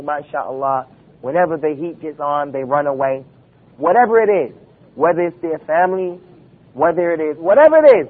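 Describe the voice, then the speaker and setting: A man's voice: sits high, husky. A man giving an Islamic lecture, emphatic and full of rhetorical questions, quoting Arabic texts. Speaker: preacher. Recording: phone-like lo-fi recording.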